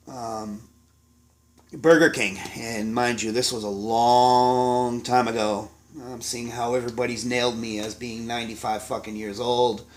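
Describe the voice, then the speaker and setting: A man in his forties, a chef, telling kitchen stories in a rambling, profane, casual way, full of ums and restarts. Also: mid-range voice. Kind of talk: casual storytelling to camera.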